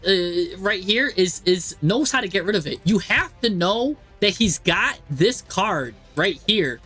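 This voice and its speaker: A man streaming live, commentating a card game match and talking to the players on screen in an exasperated, animated way. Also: sits high, slightly rough.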